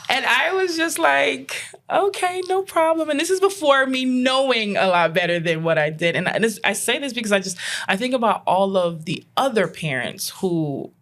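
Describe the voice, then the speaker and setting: A woman behavioral consultant speaks as a podcast guest, telling her own story with energy and acting out other people's lines. Her voice sits in a middle pitch and she laughs easily. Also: normal speed. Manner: animated, acts out quoted dialogue, laughs often. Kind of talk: personal storytelling in a podcast interview.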